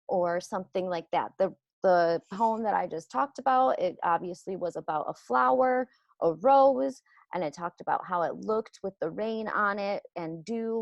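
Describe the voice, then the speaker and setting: A woman teacher walks young children through a lesson, slowly and patiently. Her voice has a gravelly, fry-tinged edge. The sound is close and dry, with no room around it. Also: on the low side, dry recording, dull audio. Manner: slow, patient, explaining step by step.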